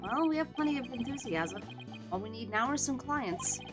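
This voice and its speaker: A woman voicing a calm, reassuring veteran male defense lawyer, over game music. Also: high voice, normal speed.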